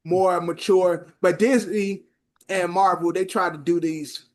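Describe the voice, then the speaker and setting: A man's voice: sits high, steady tone, unhurried. A man hosting a podcast in casual chat, loose and profane, often repeating his words. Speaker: podcast host.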